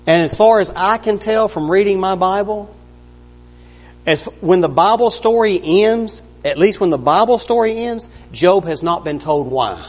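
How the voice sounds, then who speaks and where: A man preaching an earnest, conversational sermon, acting out the lines he quotes. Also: high-pitched. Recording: long reverb of a large hall.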